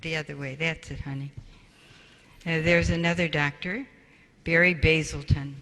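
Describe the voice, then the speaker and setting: A woman's voice: sits low, fairly even intonation, moderate pace, fairly bright tone. An older woman giving a spiritual parenting talk, telling stories and acting out the quoted voices with animation. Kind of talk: storytelling talk to an audience. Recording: reverberant hall.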